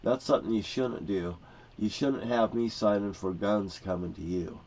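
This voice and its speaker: A middle-aged man rambling through a personal story, swearing often and getting worked up as he goes. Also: on the low side. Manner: profane, excitable, rambling. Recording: dull lo-fi recording.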